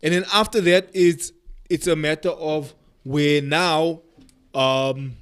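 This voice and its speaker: A man hosting a casual podcast chat, animated, laughing often and repeating phrases for emphasis. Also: fairly high pitch, takes it slowly. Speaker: podcast host.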